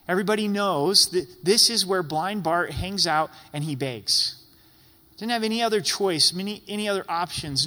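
A man's voice: sits high, pushed and bright. A man preaching a sermon as a pastor, emphatic and repeating phrases for effect. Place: church sanctuary. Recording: long reverb in a large church hall.

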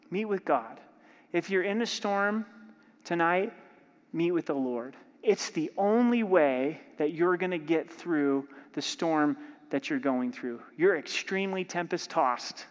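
A man preaching a sermon as pastor, emphatic and dramatic, acting out prayers and joking with the congregation. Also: fairly high pitch. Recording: long hall reverb.

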